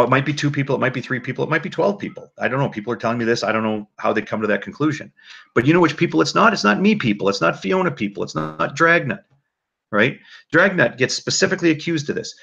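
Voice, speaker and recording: A man hosts a casual livestream, talking in a rambling, animated way. His voice is gravelly with a bright, forceful edge, and it comes through a dull, lo-fi mic. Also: mid-range voice. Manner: animated, rambling, many restarts. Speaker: livestream host.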